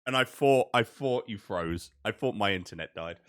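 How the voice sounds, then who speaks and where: A man co-hosts a podcast over a video call in casual chat, joking, teasing, feigning outrage, and laughing often. His voice is fairly low, expressive, smooth, and fairly bright, at normal speed.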